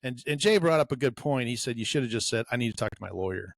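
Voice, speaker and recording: A man's voice: medium pitch, lively intonation, fast, vocal fry, no echo, clean studio sound. A man co-hosting a casual podcast, telling a long story and acting out the voices of the people in it. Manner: storyteller who acts out quoted dialogue. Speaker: podcast co-host.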